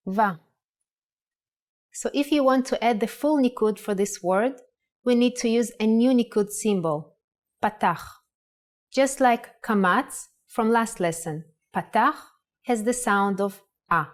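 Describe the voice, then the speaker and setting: Teacher woman. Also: mid-range voice. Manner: clear, slow spelling-out of sounds. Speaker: Hebrew language teacher. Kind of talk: scripted lesson narration.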